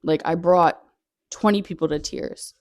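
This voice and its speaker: A young woman with a fairly low voice tells her own story as a podcast host, earnest and chatty, leaning on "like" and laughing often. The sound is dry and close, with almost no room around her. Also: unhurried, a little mellow, no echo. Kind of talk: personal storytelling monologue.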